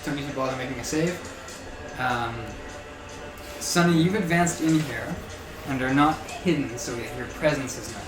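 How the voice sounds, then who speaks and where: A man's voice: mid-range voice, moderate pace, long pauses, music in the background. Laughing male game master in an echoey room. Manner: laughing often, relaxed rules talk. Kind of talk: narrating a tabletop game.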